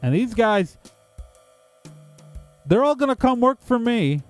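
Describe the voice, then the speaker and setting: A squeaky, wheedling goblin thief, put on by a man, pitched far up with wild swings in tone. He talks himself in circles, desperate to sound reasonable while his voice keeps leaping higher. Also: very animated, smooth, no room sound, faint music behind, full character voice. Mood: pleading. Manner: high, pleading, talks fast over others. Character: scheming male goblin thief, whiny and excitable.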